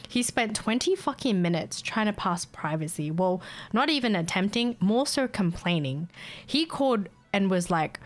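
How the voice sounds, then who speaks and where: A young woman streamer chatting casually and telling a story, blunt and sweary, quick to mimic the people she talks about. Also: medium pitch, lively intonation, soft background music. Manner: mimics callers and herself in quoted bits. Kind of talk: casual chat, venting a story.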